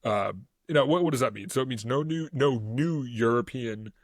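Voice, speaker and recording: A man's voice: mid-range voice, normal speed, no echo. Male podcast co-host, casual history chat, rambling, stumbles on words, dry sound. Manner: rambling, stumbles over words, laughs often.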